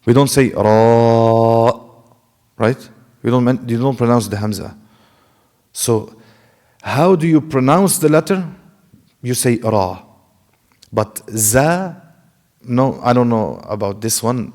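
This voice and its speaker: A man's voice: medium pitch, lively intonation, slow, pauses often, darkish tone, long reverb tail. A man teaching a classroom lecture, explaining carefully, demonstrating sounds himself and asking the class rhetorical questions. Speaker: Quran recitation teacher. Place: mosque classroom.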